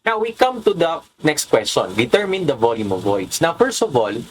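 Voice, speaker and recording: A man's voice: on the high side, big pitch swings, normal speed, poor audio. A man with a Filipino accent giving a board exam review lecture, switching between English and Tagalog and asking rhetorical questions. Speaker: engineering review instructor.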